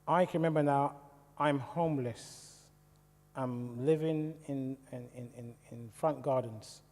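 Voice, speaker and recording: A man's voice: mid-range voice, measured pace. British man telling his story in an echoey church. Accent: British English. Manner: lively storytelling, asking the audience questions. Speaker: church speaker. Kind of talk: personal testimony talk. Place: church hall. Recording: echoey church hall reverb.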